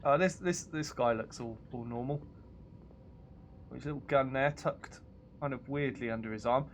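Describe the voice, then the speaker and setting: A man's voice: medium pitch, moderate pace, a little hiss or hum. A British man hosting a game stream, giggly and self-mocking as he comments on the game. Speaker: streamer host. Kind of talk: gameplay commentary.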